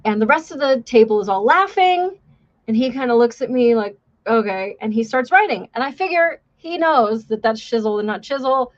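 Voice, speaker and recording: A woman hosts a casual livestream, telling stories in a chatty, profane and self-mocking way and reading out chat messages. Her voice sits a little high. The stream audio is dull and lo-fi. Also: animated, moderate pace. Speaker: livestream host, former police officer.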